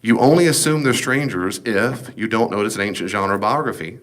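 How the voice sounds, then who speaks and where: A man's voice: fairly low pitch, brisk, fairly bright tone. A man teaching a Bible study as pastor, talking emphatically and casually, full of rhetorical questions.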